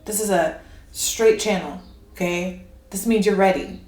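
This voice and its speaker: A woman tarot reader talking in an animated, rambling way and laughing often. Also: mid-range voice, measured pace. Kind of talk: casual spiritual monologue. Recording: echoey room with faint noise.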